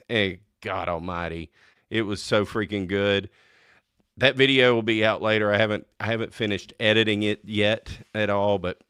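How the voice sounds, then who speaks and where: A man from North Louisiana with a North Louisiana accent, hosting a casual chat show in an excitable, chatty way with frequent laughs. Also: on the low side, clean tone, no echo, clean studio sound. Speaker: host.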